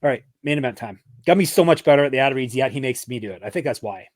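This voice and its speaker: An energetic man hosting a sports betting podcast, rattling through sponsor reads with a joking, self-deprecating streak. His mid-range voice sits close to the mic in a dry, deadened space with no room sound. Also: medium pitch, fast, no room sound. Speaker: podcast host. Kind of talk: casual chat and ad reads.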